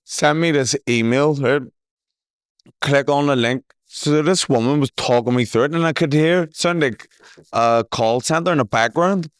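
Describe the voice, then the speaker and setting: A male podcast host in loose, casual chat, spinning a story with plenty of swearing and frequent laughter. His voice sits at an ordinary middle pitch and sounds close and dry, with no room around it. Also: normal speed, dry recording. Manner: animated storyteller who swears freely and laughs often.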